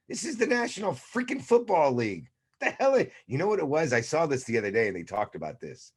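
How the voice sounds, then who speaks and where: Animated man retelling a game. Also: fairly high pitch, moderate pace, slightly rough. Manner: animated storyteller who acts out reactions. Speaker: podcast co-host. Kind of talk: casual sports chat.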